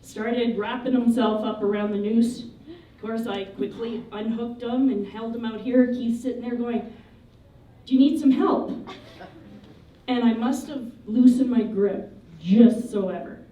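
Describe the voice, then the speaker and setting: A woman giving a memorial eulogy, telling funny, lively anecdotes about the people she remembers. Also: on the high side, unhurried, slight background noise. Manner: lively, humorous storytelling. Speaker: eulogy speaker. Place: memorial service hall. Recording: echoey hall, voice from a distance.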